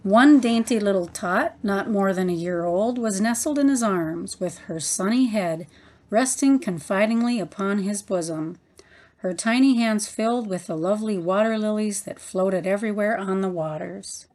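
A woman narrating a book in a measured, reverent reading voice. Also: mid-range voice, darkish tone. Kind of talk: audiobook narration.

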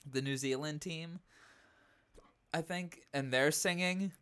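A man's voice: on the high side, takes it slowly, fairly bright tone, clean tone. A man co-hosting a podcast in casual chat, rambling and breaking into laughter, with the hiccups. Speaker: podcast co-host.

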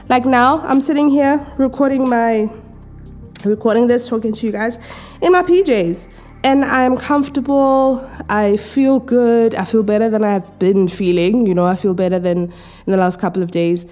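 A woman talks on her own podcast from home with a tired voice. Her tone is low and mellow, relaxed and chatty, full of fillers and restarts. Faint music plays underneath. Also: normal speed. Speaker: podcast host. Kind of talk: casual solo chat. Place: home, in pajamas.

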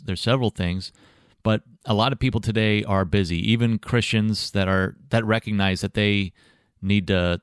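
Male host, low smooth voice, measured and encouraging, dry recording. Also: no room sound. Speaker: podcast host. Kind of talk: interview hosting.

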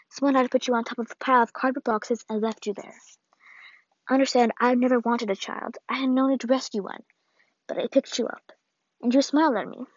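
Woman reading as an old grandmother, grave, solemn, measured, higher voice, dry lo-fi sound. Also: no room sound, natural voice. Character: old, ailing grandmother writing a grave farewell letter. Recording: dull, lo-fi dry read.

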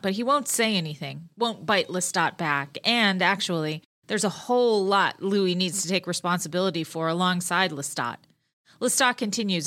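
A woman's voice: lowish voice, a bit bright. A woman co-hosting a podcast, chatting casually with restarts and then reading a fan fiction passage aloud. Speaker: podcast co-host.

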